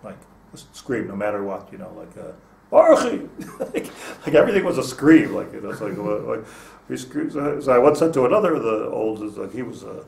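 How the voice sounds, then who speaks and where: A man's voice: fairly low pitch, lively intonation, fast, gravelly, a little mellow. A man, a rabbi, giving an informal class to students, chatty and restarting his phrases, with Hebrew terms mixed in. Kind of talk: informal Torah lecture. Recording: roomy echo, mic at a distance.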